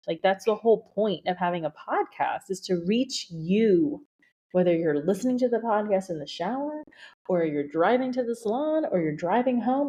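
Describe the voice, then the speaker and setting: A woman who hosts a podcast and coaches in the beauty industry gushes excitedly through a solo monologue, a bit out of breath and using lots of "like" fillers. Her medium-pitched voice is recorded on a podcast microphone.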